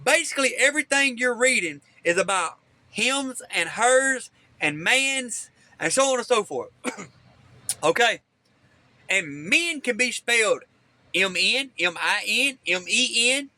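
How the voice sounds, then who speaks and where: Speaking into his phone's front camera, this angry vlogger delivers a rambling, profanity-laced rant, repeating "okay?" constantly. His voice is very high, expressive, slow, bright and forceful.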